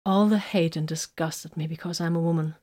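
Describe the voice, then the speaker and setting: A woman's voice: low voice, fairly even intonation, a little fast, dark tone. A woman voicing a bitter, hurt young woman warrior in an audiobook, speaking in an emotional, confessional way. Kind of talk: audiobook character reading.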